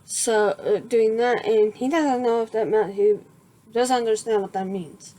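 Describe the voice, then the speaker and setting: Halting woman telling a fan story. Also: fairly high pitch, warm tone. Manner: halting, with many fillers and restarts. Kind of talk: improvised fan-fiction narration.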